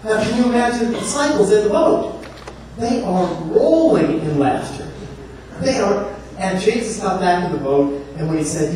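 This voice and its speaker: Animated man telling a sermon story. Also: sits high, normal speed. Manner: animated, humorous, acts out voices with laughs. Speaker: preacher. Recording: echoey room from far off, faint noise.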